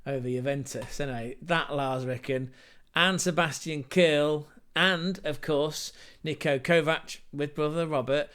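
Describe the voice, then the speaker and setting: Young male football host, slightly high, smooth and clear, chatty and jokey. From England. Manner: chatty, jokey and animated, with quick asides. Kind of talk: casual commentary.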